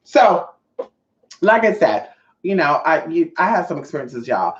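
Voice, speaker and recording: A young woman vlogger telling a profane, animated storytime monologue straight to her viewers. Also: deep voice, unhurried. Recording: roomy, slightly dull audio.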